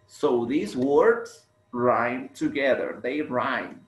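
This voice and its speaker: A man teaching a slow English lesson to young students, stretching words out and repeating them for the class to copy. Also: medium pitch, lively intonation, lo-fi sound. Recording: echoey room.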